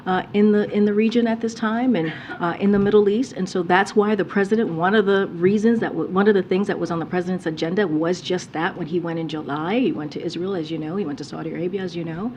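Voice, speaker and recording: A woman's voice: fairly low pitch, fairly even intonation, fast, few pauses, a little mellow, slight background noise. A woman press secretary fielding reporters' questions at a briefing, speaking carefully with many restarts and fillers into a podium microphone.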